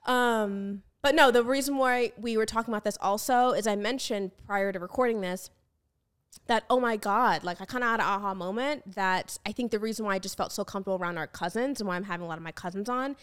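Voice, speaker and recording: Smooth-voiced American woman hosting a podcast. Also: medium pitch, fast talker. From United States. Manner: chatty, with frequent fillers and restarts. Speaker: podcast host. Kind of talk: casual chat.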